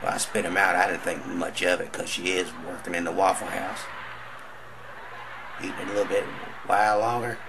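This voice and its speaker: A man's voice: deep voice, little pitch movement, moderate pace, gravelly, noisy background. A man telling a crude stand-up story in a drawling country manner, acting out other voices. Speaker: comedian.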